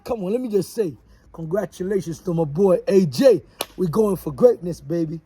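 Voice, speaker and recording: A man's voice: high-pitched, lively intonation, normal speed, dark tone, slight background noise. A man delivering a preachy, repetitive, rallying motivational message as the host of his show. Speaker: motivational speaker.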